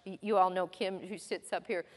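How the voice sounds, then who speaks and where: A woman's voice: lowish voice, fairly even intonation, moderate pace. Woman teaching the Bible in a reverberant hall. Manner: conversational, folksy, with personal stories. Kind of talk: sermon-style Bible teaching.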